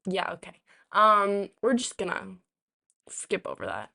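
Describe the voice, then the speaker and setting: Woman streamer, casual live chat, throat a little rusty and sore, gravelly fry, unhurried rambling delivery. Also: mid-range voice, very animated, bright, forceful tone, no echo, studio quality. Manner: rambling, full of ums and restarts.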